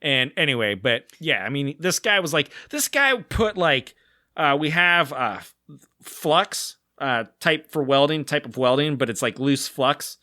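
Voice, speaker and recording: Chatty rambling man, bright dry sound. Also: fairly high pitch, lively intonation, measured pace, no room sound. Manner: rambling, many "like" fillers, acts out quoted voices. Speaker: podcast co-host. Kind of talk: casual storytelling.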